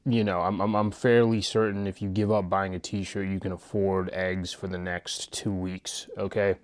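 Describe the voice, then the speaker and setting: A man's voice: low voice, level tone, normal speed, no echo. A man giving a blunt, profane motivational monologue as a channel host, rambling with frequent restarts.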